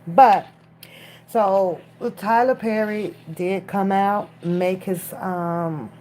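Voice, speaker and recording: A woman's voice: medium pitch, steady tone, extremely slow, mellow. A woman chatting casually on a live stream from her phone, talking straight to the viewers in chat. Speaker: livestream commentator.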